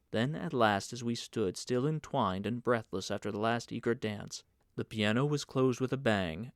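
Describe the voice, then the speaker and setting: A man narrating an audiobook of a novel in an even, measured reading. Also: medium pitch, no room sound, clean studio sound. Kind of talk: scripted narration.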